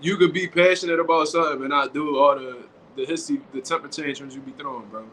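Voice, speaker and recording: A man hosting a casual commentary show, talking in animated slang. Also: on the high side, fast. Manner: animated, slangy, acts out quotes. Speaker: boxing show host. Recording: echoey room with faint background noise.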